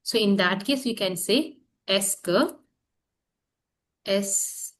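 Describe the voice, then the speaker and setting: A woman teaching a French class, explaining slowly with pauses, repeating key terms and often saying "that is". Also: medium pitch, fairly bright tone. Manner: halting, repeats terms, fills gaps with "that is". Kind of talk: classroom lesson. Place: classroom with students.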